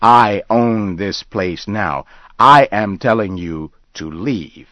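A man's voice: low-pitched, very animated, moderate pace, pushed and bright, slightly rough, dry recording, full character voice. A man voicing a small bespectacled landowner who is scared but stubborn, raising his voice in short, insistent demands. The recording sounds dull and lo-fi. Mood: angry, defiant.

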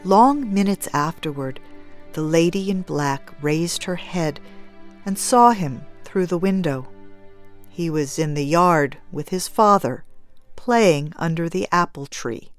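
A woman narrating a story in a measured, even way. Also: fairly low pitch, faint music behind. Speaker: audiobook narrator. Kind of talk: scripted narration.

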